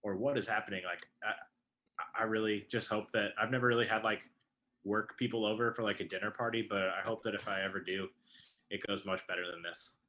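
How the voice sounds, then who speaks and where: Man, co-host, low pitch, bright tone, hesitant casual talk. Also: steady tone. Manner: hesitant, halting with restarts. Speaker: podcast co-host. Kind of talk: casual recap chat.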